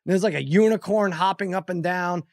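A man in his forties with a slightly high voice tells stories in an animated, exasperated, jokey style as a podcast co-host. The mic is close and completely dry. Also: moderate pace, no room sound. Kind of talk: casual chat, storytelling.

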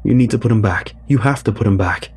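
A man voicing a desperate old grandfather with a grating, gruff voice. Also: fairly low pitch, fast, darkish tone. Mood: pleading. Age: older.

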